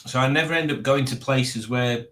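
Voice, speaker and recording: A man's voice: mid-range voice, normal speed, a bit bright. A man hosting a casual livestream, rambling and reading out viewer comments. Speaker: livestream host.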